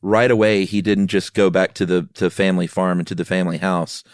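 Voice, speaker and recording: Lively low-voiced male podcast co-host. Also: fairly quick, dry recording, clean studio sound. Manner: animated, acts out quoted townspeople. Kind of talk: casual storytelling chat.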